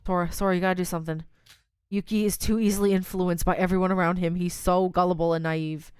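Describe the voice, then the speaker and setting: A woman's voice: fairly low pitch, fairly even intonation, fast talker, smooth, dry recording, soft background music, poor audio. A woman hosting a let's play, reacting emotionally to the story and reading game lines aloud. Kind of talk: gameplay commentary and reading dialogue aloud.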